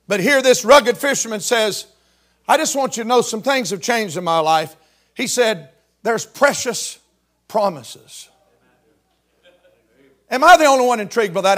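A man in his fifties preaching a sermon with fervent delivery that swells into shouts and whoops. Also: high voice, expressive, normal speed, pauses often. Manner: fervent Southern-style preaching, rising to shouts.

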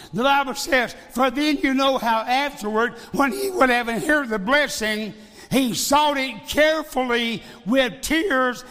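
A man's voice: extremely high pitch, fairly bright tone. A male evangelist preaching a sermon, emphatic, repeating phrases and firing rhetorical questions. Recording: long hall reverb.

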